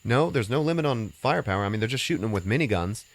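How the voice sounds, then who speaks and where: With lively intonation and a very fast pace, a man's medium-pitched voice carries a casual podcast movie recap. As host, he rambles through the film's plot, heavy on fillers and swearing.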